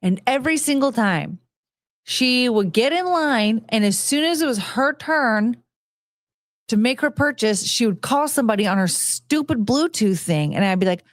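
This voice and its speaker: A woman's voice: on the high side, lively intonation, moderate pace, dry recording, clean studio sound. A woman in her forties hosting a podcast, rambling and chatty, laughing often and swearing casually. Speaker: podcast host. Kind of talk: casual chat.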